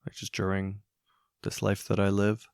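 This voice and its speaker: A man hosting a solo podcast, thinking aloud in a musing, hesitant way with many pauses and restarts. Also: fairly low pitch, monotone, vocal fry, clear, resonant tone, dry recording, clean studio sound. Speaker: podcast host. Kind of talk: reflective solo podcast monologue.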